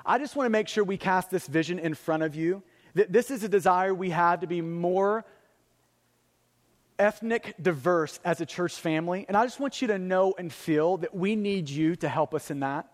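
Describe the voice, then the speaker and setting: A man in his thirties delivers a sermon in a high, earnest voice, pressing his points with rhetorical questions and repetition. His words ring out with a long reverb from a large church hall. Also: moderate pace. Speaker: pastor. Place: church sanctuary.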